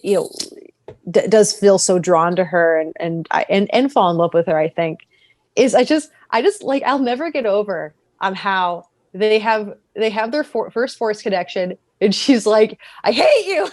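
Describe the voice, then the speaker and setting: A woman talking casually on a podcast, animated, often laughing and acting out characters' lines with sudden jumps in pitch. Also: normal speed, dry recording. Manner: animated, acts out characters' lines mid-sentence; frequent laughter and restarts. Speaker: podcast guest.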